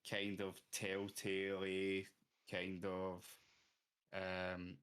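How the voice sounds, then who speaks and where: A man's voice: sits low, completely flat delivery, extremely slow, fairly bright tone, smooth. A young man co-hosting a casual gaming podcast, rambling and hesitant with lots of ums and jokes. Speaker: podcast co-host.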